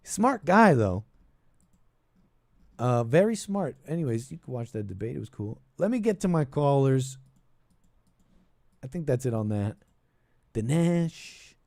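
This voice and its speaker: A man's voice: medium pitch, sing-song, a little slow, creaky, pauses often, a little mellow, dry recording. Rambling male call-in host, dry sound. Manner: rambling, restarts, trailing asides. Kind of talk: casual political commentary.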